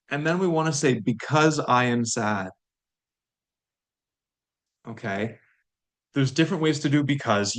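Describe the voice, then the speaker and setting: A man teaching a recorded language lesson, explaining grammar in a relaxed way and repeating words slowly for learners. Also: fairly low pitch.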